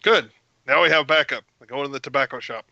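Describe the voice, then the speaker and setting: A man's voice: mid-range voice, quick pace, vocal fry, pushed and bright, no room sound, highs cut off. A man playing in a tabletop game, stating his moves in short, blunt lines. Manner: blunt, terse in-character declarations. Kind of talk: casual chat.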